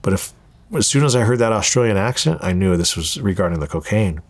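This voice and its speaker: Brief: low male voice, thirties, animated storyteller, dry studio sound. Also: quick pace, no echo. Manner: animated storyteller acting out quoted dialogue. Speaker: interview guest. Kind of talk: storytelling interview.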